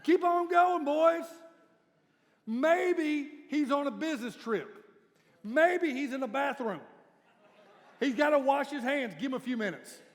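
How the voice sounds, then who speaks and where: A preacher putting on a cocky prophet whose voice jumps high and loud as he jeers at his rivals. The sarcastic taunts ring out across a big reverberant hall. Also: animated, measured pace, pauses often, heavily acted. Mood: mocking.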